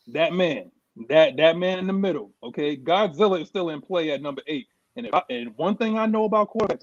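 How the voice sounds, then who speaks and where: A man's voice: sits high, no echo, muffled recording. A man from New York, co-hosting a sports show, talking in a heated, emphatic way and often repeating himself. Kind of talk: heated casual sports talk.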